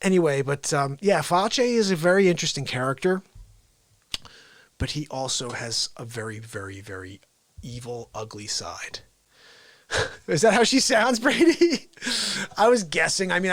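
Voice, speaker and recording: A man hosting an unscripted daily live stream, excitable, jumping between shouted bursts and quiet asides. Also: a little high, normal speed, no room sound. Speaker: host of a daily live show.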